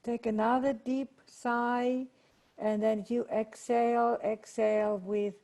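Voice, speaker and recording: Slow, soothing woman with a gravelly edge. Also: a little high, little pitch movement, warm tone. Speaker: workshop leader. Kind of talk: guided meditation on a video call. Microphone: video call.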